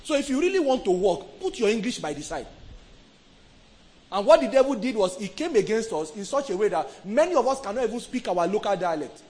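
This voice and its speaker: A man with a Nigerian accent preaching a sermon, emphatic, swinging from soft to loud and asking the crowd questions. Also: high-pitched, very animated, brisk, poor audio.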